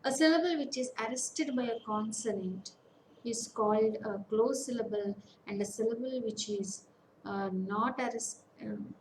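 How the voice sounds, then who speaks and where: A woman giving an online lecture, slowly listing example words one by one with pauses. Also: fairly high pitch, echoey room, noisy background. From India. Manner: slow, deliberate, lists words one by one with pauses. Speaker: academic counsellor. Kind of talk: online lecture on English phonetics.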